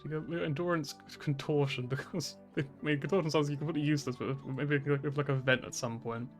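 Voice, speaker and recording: A man's voice: a little high, steady tone, fast, faint music behind. A man streaming a text game, commenting and reading aloud, giggly and rambling, correcting himself often.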